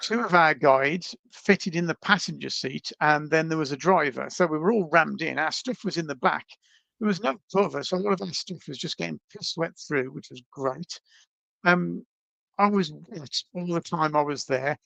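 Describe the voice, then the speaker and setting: A man, a podcast guest, telling travel stories in a casual, animated, self-deprecating way over a video call. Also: fairly high pitch, normal speed, vocal fry, dry recording. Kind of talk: casual storytelling.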